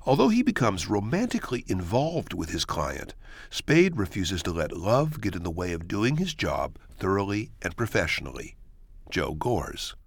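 A man hosting a radio program, giving scripted narration in a measured, even announcing style. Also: low voice, gravelly, no echo, clean studio sound.

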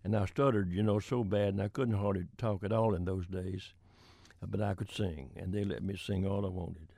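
Gravelly older man telling stories. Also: low-pitched, fairly even intonation, normal speed, dark tone, no room sound, studio quality. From Florida. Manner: folksy anecdotal storytelling with chuckles. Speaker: country singer-songwriter guest. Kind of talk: storytelling in an interview.

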